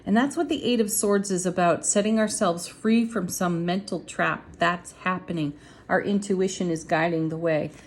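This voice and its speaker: A woman gives a casual tarot reading in a fairly low voice, chatty and upbeat. She talks straight to her viewers, and a faint hiss with small clicks sits behind her. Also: fairly even intonation, normal speed. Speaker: tarot reader.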